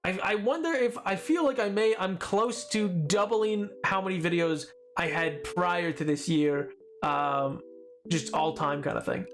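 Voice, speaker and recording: A British game streamer chats casually on a live stream, rambling, playful and often breaking off mid-thought. The voice is medium-pitched and a little slow, with the stream's background music running underneath.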